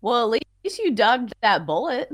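A woman's voice: fairly high pitch, big pitch swings, moderate pace. A woman co-hosting a sports betting podcast in a playful, teasing, casual way. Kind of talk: casual chat.

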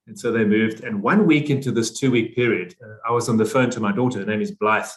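A man's voice: fairly low pitch, quick pace. A South African man who is a guest on a podcast, speaking earnestly and repeating key phrases for emphasis. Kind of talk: interview conversation.

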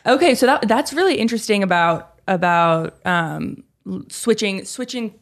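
A woman co-hosting a podcast, asking curious questions and reacting quickly in casual chat. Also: medium pitch, animated. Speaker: podcast co-host.

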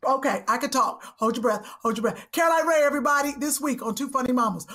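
A woman's voice: sits high, fast, fairly bright tone. A woman co-hosting a comedy podcast, chatting in a playful, giggly way. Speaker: podcast co-host. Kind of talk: casual comedy podcast chat.

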